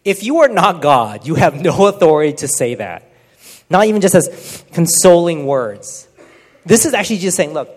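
A man giving an informal, earnest Bible teaching talk, often dropping to a hushed tone for emphasis. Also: fairly high pitch, big pitch swings, moderate pace. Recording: long reverb.

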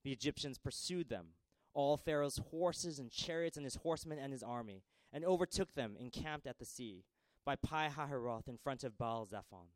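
A man's voice: mid-range voice, animated, normal speed, no room sound, poor audio. Dramatic preaching man, dry close sound. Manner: dramatic, repetitive cadence, swinging between raised pleas and hushed lines. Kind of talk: sermon.

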